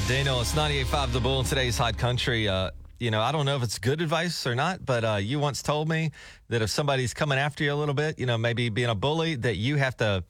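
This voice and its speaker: A middle-aged man hosting a radio show, telling stories in an animated, casual way and laughing often. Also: medium pitch, dry recording, studio quality. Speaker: radio host. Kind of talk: casual on-air chat. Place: radio studio.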